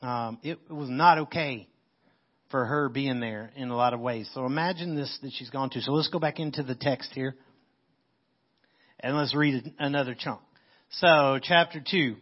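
This male pastor preaches at a medium pitch and moderate pace, his audio sounding dull. He reads from scripture and explains it conversationally, recasting the verses in casual, modern speech.

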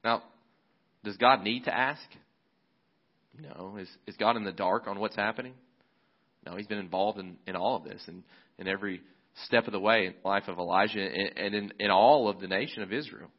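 A man preaching a sermon as a pastor, relaxed and conversational, often restarting his phrases. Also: on the low side, normal speed, lo-fi sound.

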